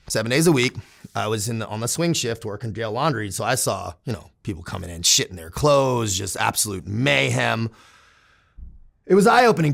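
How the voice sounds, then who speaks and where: A man's voice: medium pitch, creaky, fairly bright tone. A man from San Diego in his thirties, a guest telling candid, profane stories in casual conversation with frequent laughs. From San Diego, United States. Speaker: interview guest. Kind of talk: casual storytelling.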